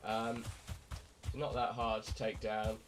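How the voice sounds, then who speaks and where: A young man from Britain, hoarse and croaky from a night of drinking, rambling crudely through casual gameplay commentary. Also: lowish voice, completely flat delivery, slow. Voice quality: raspy, croaky. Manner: rambling, crude, self-mocking. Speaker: gamer. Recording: loud background noise.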